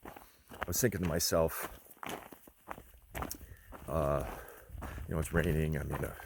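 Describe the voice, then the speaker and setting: Deep, slow-talking man musing on a trail. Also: steady tone, creaky, background noise. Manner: rambling, reflective, many pauses and fillers. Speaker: long-distance hiker vlogging. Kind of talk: casual spoken trail diary. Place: outdoors on a hiking trail.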